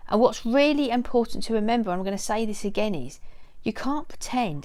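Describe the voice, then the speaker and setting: A woman's voice: a little high, expressive, fairly quick, a little mellow. A middle-aged woman giving casual advice to camera, earnest and repeating her key points. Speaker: dog owner giving training advice.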